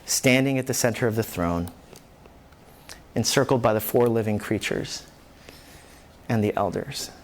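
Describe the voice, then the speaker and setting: A man preaching a sermon as pastor, animated, acting out the voices in the scripture he tells. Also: fairly low pitch, a little slow, pauses often, slight background noise. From New York.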